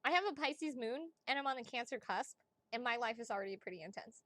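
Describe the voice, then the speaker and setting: Woman, psychic livestream host; chatty, excitable, blunt, quick to laugh and curse; higher pitch, close and dry sound. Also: no room sound. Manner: blunt, swears casually. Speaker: psychic reader. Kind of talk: casual livestream chat.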